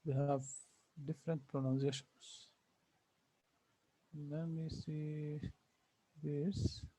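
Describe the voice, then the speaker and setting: A man's voice: fairly high pitch, level tone, drawn-out words, warm tone, no echo. A man teaching an online class, patiently repeating sounds and names for his students over a video call. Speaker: Arabic teacher.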